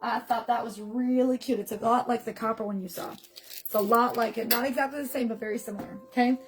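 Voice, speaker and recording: A woman sells jewelry on a live stream, filming herself at home with her phone in selfie mode. Her fairly high voice is steady and fairly quick as she chats fondly and greets viewers by name, over soft background music in a low-quality recording.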